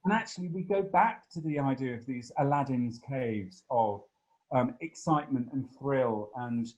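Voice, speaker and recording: A man giving a long, animated interview answer, full of fillers and playful asides. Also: medium pitch, moderate pace, poor audio. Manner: expansive, animated storytelling with many fillers.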